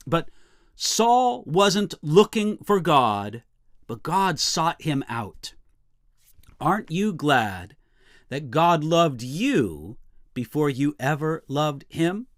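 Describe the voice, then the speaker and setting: A male pastor teaching a short devotional in a fairly high, animated voice that rises and falls a lot. He leans on key words and lets deliberate pauses land. The sound is close and dry, with no room around it. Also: no room sound. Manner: expressive, emphatic reading with deliberate pauses. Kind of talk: daily devotional Bible teaching.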